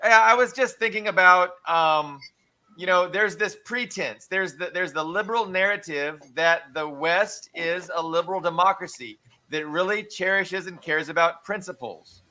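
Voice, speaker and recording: A man with a high, sharp, forceful voice. He rants earnestly on a political podcast, leaning on lots of "um" and "you know" as he goes. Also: moderate pace. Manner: earnest, full of fillers. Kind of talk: casual political rant.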